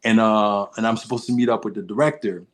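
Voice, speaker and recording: A man in a podcast interview, telling stories in a lively way, acting out quoted dialogue and laughing often. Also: on the low side, fast talker. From Haitian-American. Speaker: actor guest. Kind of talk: animated storytelling in a podcast interview.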